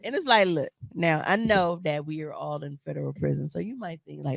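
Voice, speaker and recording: A woman's voice: low voice, fairly quick, creaky, no echo. Blunt, profane woman telling a story. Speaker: podcast co-host. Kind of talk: casual storytelling chat.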